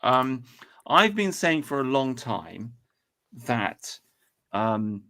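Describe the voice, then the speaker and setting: A man's voice: medium pitch, sing-song, extremely slow, gravelly, sharp tone. A man hosting a casual chat, rambling and swearing as he airs his views. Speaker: podcast host.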